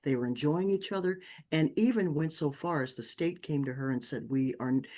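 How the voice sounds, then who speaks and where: A woman, a parenting author, telling stories in a podcast interview and acting out the people she quotes. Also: a little fast. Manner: animated, acts out quotes with big pitch jumps.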